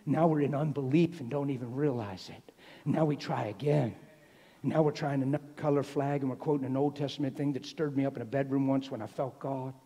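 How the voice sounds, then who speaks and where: A man preaching a sermon in a church, telling a story with lively acted-out dialogue. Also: mid-range voice, brisk, breathy edge. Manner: storytelling, animated, acts out dialogue. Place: church hall. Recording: long reverb in a church hall.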